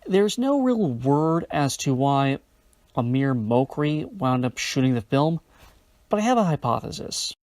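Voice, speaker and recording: A man reviews a film in a casual, enthusiastic way, adding wry asides. His voice sits at a middle pitch. The sound is close and dry, with no room echo. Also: big pitch swings, measured pace, a little mellow.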